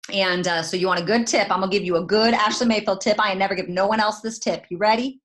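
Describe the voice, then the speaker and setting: A woman, talking in a folksy, direct and animated way as she gives motivational advice. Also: lowish voice. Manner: folksy, direct, animated, says "y'all" a lot. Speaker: guest network marketing leader. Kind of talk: motivational talk.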